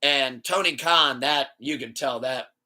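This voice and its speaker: Podcast host, male, animated ranting storyteller with a bright, sharp tone, casual chat. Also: medium pitch, unhurried. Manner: animated, swearing, storytelling rant.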